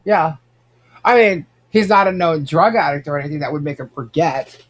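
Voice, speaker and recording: A man's voice: on the high side, moderate pace. A man hosting a casual podcast, chatting and reacting to viewer comments. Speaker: podcast host. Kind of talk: casual gossip chat.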